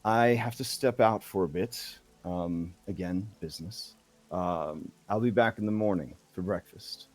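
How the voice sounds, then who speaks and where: A man voicing a smooth, courteous middle-aged town boss who speaks low and suave. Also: unhurried, darkish tone.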